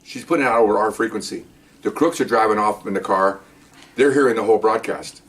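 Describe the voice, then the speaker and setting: An older man, a retired police supervisor, telling a cop story in a casual monologue and loudly acting out his own past lines. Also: fairly low pitch, fast, far from the mic. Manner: animated, acts out his own yelling in quoted lines.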